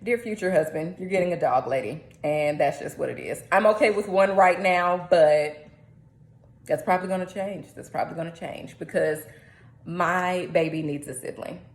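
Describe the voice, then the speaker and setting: A young adult woman vlogging in a chatty, animated way, often jumping up into high squeals. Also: moderate pace. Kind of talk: casual talking-head vlog. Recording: echoey room.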